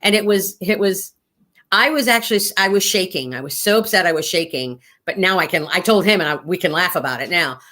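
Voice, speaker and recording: A woman's voice: fairly low pitch, pushed and bright. Rambling woman telling a story. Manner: rambling, halting with fillers, laughing through stories. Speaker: guest, standardized patient actor. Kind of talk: casual storytelling chat.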